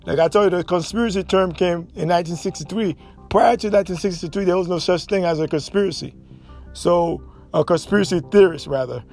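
A man's voice: high-pitched, a little fast, vocal fry, a little mellow, soft background music. A Haitian man hosting his own podcast, talking in an emphatic, repetitive monologue full of restarts. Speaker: podcast host.

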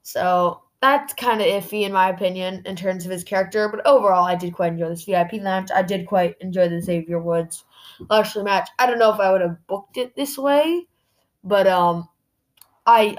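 A woman's voice: lowish voice, brisk. A woman hosting a podcast, casually reviewing a wrestling show in a chatty way, full of "like" fillers. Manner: chatty, heavy use of "like" fillers. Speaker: podcast host.

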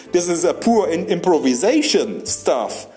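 A young man, a stand-up comedian, giving a rambling comic monologue in halting non-native English, laughing between lines and often tagging "yeah?". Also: fairly high pitch, very animated, warm tone, faint music behind.

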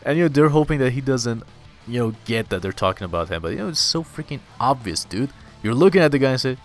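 A man's voice: mid-range voice, animated, fairly quick, faint music behind. A man casually recapping a manga chapter, loose and rambling, full of fillers and "dude".

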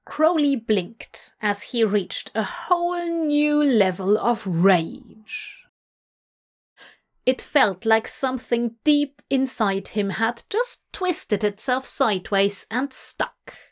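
A woman narrating a fanfic audiobook in a measured, expressive storytelling voice. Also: fairly high pitch. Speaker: audiobook reader. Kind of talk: scripted narration.

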